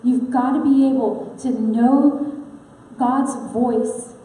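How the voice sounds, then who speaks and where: A woman's voice: sits high, steady tone, slow pace, warm tone, a little hiss or hum. A woman preaching an earnest, personal sermon in a church sanctuary, talking conversationally with frequent fillers. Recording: echoey hall with long reverb.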